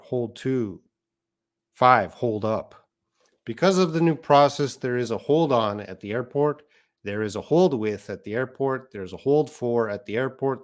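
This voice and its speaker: A man teaching an English lesson on a live stream, reading out viewer comments and explaining patiently. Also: medium pitch.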